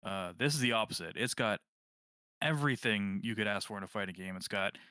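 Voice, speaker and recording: A man co-hosts a podcast in a loose, rambling chat about video games. His voice sits a little low but comes across bright and crisp. The sound is dry and close, with no room around it. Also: fairly quick, dry recording. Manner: rambling, relaxed, lots of fillers and restarts. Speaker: podcast co-host.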